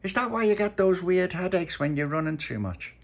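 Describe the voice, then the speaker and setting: A man's voice: high-pitched, animated, a little fast, vocal fry, voice pushed up. A man voicing a brave, bossy young boy who leads the others earnestly.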